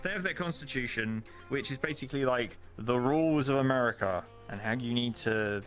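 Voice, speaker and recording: A man's voice: mid-range voice, brisk, a bit bright, soft background music. A young man chatting casually on a stream, opinionated and swearing. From United Kingdom. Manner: opinionated, swears, mocks with put-on voices. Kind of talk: casual chat.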